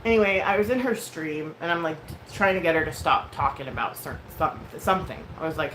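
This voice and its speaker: A woman's voice: low voice, fairly quick, hardly any pauses, a bit bright. A woman in her thirties telling a story in a casual rant, frank and profane, with lots of fillers. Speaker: vlogger. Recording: echoey room with clear background noise.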